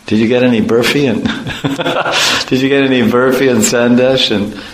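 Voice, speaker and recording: A man's voice: mid-range voice, fairly even intonation, normal speed, a bit bright, natural voice. A man voicing a bold, playful young cowherd god who protects his friends, speaking in an indignant, teasing way. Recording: echoey room, faint noise.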